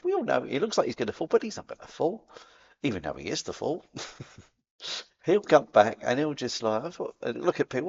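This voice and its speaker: A man's voice: mid-range voice, huge pitch swings, a little fast, gravelly, a little mellow, slightly rough, highs cut off. A man with a Cockney accent talking casually to camera as a spiritual vlogger, chatty and playful, dropping in sound effects. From England.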